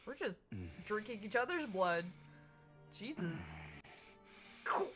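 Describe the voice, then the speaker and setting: A woman's voice: medium pitch, big pitch swings, takes it slowly, music in the background. A young woman streaming a dating game, reading the story text aloud between giggly, flustered outbursts and casual swearing. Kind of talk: casual gaming stream with read-aloud narration.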